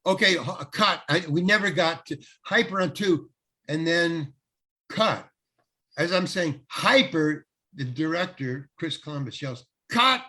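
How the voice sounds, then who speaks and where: An older man, a guest actor, telling a lively anecdote in an interview, acting out the quotes and laughing often. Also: a little high, unhurried. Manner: animated storyteller, acts out quotes, laughs often. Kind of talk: storytelling in an interview.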